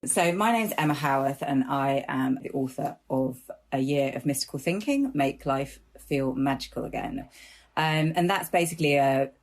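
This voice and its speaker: A woman from northern England, an author giving candid, self-deprecating interview answers. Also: a bass voice.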